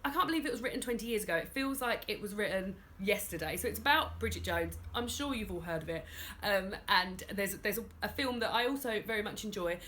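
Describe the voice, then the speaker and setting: A woman's voice: a little high, expressive, a little fast, pushed and bright, a little hiss or hum. A young woman chatting about books she has read, enthusiastic, with lots of ums and restarts. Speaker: book vlogger. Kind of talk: casual book review chat.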